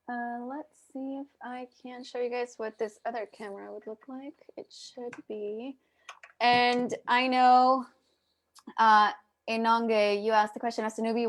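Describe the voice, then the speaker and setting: A woman's voice: fairly high pitch, steady tone, measured pace. A woman hosting a casual live video chat, talking straight to her viewers with lots of restarts, over a video call mic. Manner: chatty, addresses viewers directly, many restarts. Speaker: host.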